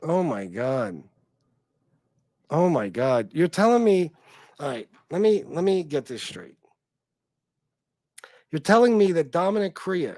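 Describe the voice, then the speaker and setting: A man's voice: a little high, a little mellow, no room sound. A man hosting a livestream, reacting in a casual, profane, incredulous and exasperated way. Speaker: livestream host.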